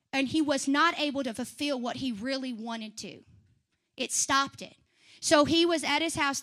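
High bright-voiced woman doing a chatty testimony at church, laughs a lot, talks right to the crowd. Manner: lively, chatty, laughs often, talks back to the audience. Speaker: church member giving a testimony. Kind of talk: personal testimony to a congregation.

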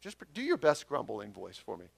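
A pastor giving a conversational sermon that swells loud for emphasis. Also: male voice, mid-range voice, huge pitch swings, a little fast, vocal fry, no room sound.

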